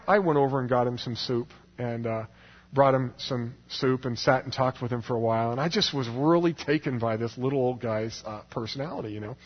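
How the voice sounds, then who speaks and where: Husky man rambling through a story. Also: medium pitch, dull audio. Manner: rambling, many "you know"s and restarts. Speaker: speaker telling a personal story. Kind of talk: storytelling talk.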